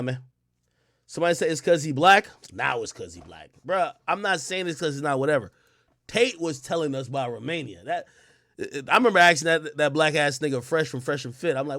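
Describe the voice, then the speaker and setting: A man's voice: a little high, expressive, moderate pace, fairly bright tone, no room sound, studio quality. A young man hosting a livestream, ranting casually and heatedly, full of profanity and rhetorical questions. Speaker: livestream host.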